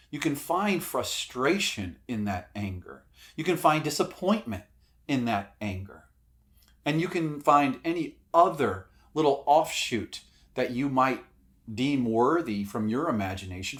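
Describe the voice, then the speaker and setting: A man's voice: mid-range voice, a bit bright. A middle-aged man, an acting coach, giving casual spoken advice with emphasis, swearing now and then.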